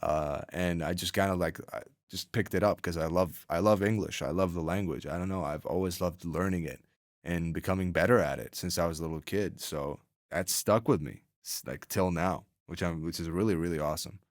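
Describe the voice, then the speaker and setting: A man's voice: deep voice, a little fast, no echo, studio quality. An eighteen-year-old man with a North American accent whose first language is Arabic, hosting a podcast in a rambling, filler-heavy chat. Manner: rambling, many fillers and restarts, laughs often. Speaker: podcast host. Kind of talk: casual interview chat.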